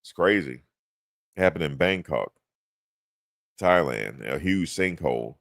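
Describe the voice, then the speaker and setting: A middle-aged man talks in a loose, rambling way as host of a casual chat. His voice sits very low. The sound is dry with almost no room around it. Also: lively intonation, measured pace, gravelly, a bit bright, no room sound. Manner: laid-back, rambling, chuckles at own jokes. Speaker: podcast host.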